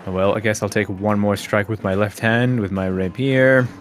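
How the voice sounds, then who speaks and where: An Australian man plays a tabletop game, chatting in a casual, upbeat way. His voice sits somewhat low. Faint music runs underneath. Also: fairly even intonation, moderate pace. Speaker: player.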